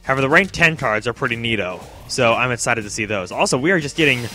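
Speaking fast with an animated, sharp, mid-range voice, this young man comments on his let's play in a self-deprecating way. He frequently talks right to the characters, and faint music plays in the background.

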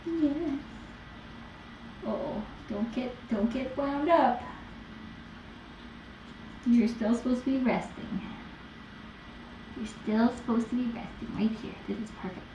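A woman's voice: fairly high pitch, takes it slowly, long pauses. Woman cooing baby talk to kittens. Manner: soft sing-song baby talk to animals. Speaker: kitten rescue caretaker. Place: indoor kitten room. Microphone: room camera mic from a distance. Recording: distant echoey livestream cam audio, dull and noisy.

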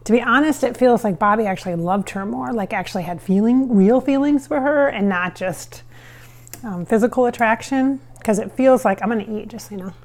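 A woman's voice: a little high, brisk. A woman chatting casually in a vlog while she cooks at home. She rambles, with many fillers and restarts. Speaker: psychic medium vlogger. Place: home kitchen with hardwood floors.

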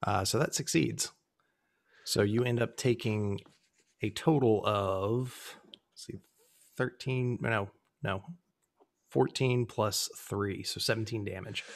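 Gravelly relaxed man running the game. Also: on the low side, slow, pauses often. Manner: relaxed, laughs often, fumbles numbers. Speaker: game master. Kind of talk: running a tabletop game over a call.

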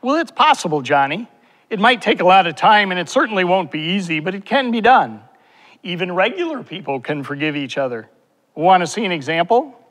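A man's voice: sits high, sing-song, a little fast, a bit bright. A man voicing a cheerful, wise male puppet in a children's church skit, bouncy and reassuring. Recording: long hall reverb.

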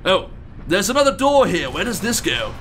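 A man voicing a polite, tea-loving gentleman toy bear animatronic, commenting on gameplay with fussy exclamations and calling people sir. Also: sits high, very animated, moderate pace, slight background noise. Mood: chatty. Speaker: let's-play host.

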